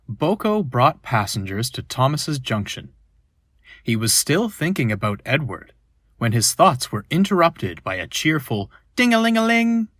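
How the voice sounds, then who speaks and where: A man narrating a children's storybook, slow and expressive. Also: mid-range voice, no echo, studio quality.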